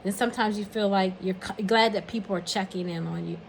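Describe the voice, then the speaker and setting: Older woman, mid pitch, earnest encouraging talk that counts off numbered points, faint hiss behind. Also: fairly even intonation, brisk, vocal fry, rough recording. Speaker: speaker giving a message of encouragement. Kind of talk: heartfelt spoken message.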